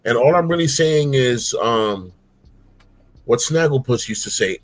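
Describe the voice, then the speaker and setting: A middle-aged man, chatting casually on a stream and telling stories with animated, playful voices. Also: normal speed. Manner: animated storytelling, breaks into silly high-pitched voices. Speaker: streamer host. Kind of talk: casual chat. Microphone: streaming mic.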